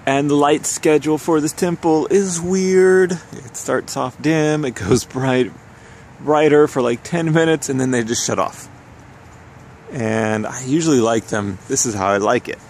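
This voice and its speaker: Chatty man with a gravelly voice. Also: mid-range voice, measured pace, darkish tone. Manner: chatty, laughs often, thinks aloud while walking and driving. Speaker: photographer vlogger. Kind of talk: casual handheld travel vlog. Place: outdoors and in a car around a city. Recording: noisy outdoor street recording.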